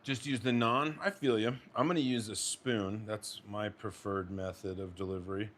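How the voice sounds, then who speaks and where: Fairly low and a bit bright, this young American man's voice stays mostly even in intonation and moves at normal speed, with slight hiss or hum in the recording. He's a cooking vlogger, casually chatting to his partner and viewers while plating a dish in his own kitchen.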